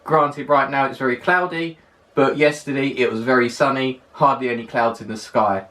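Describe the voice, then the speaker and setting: A man's voice: medium pitch, steady tone, normal speed, fairly bright tone. A young man with a well-spoken London accent talks through a casual countdown list on his vlog. He is chatty and emphatic and doubles up words for stress. His voice is picked up from a little way off the microphone. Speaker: vlogger. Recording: voice a little distant from the mic.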